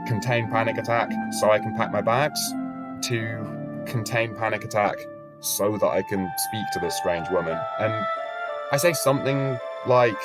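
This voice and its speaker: Guy in his 20s telling a travel story, lowish voice, dry jokes, music going under him. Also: normal speed. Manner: wry, self-deprecating, casual swearing. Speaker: travel vlogger. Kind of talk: storytelling vlog narration.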